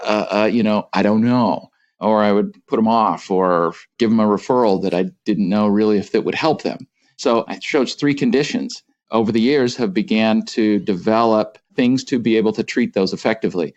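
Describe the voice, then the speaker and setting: A middle-aged man, a family doctor, talking in an animated way with fillers and repeated words in a podcast interview. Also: fairly low pitch, highs cut off.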